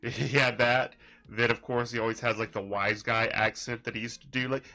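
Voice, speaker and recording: Bright-voiced mocking male commentator. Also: medium pitch, level tone, normal speed. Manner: rambling, mocking, laughs at his subject. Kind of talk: casual reaction commentary.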